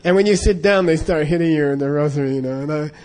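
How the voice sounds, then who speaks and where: A fast-talking man with a slightly high, darkish voice rambles through a casual story. He's heavy on fillers and restarts, and laughter punctuates it often.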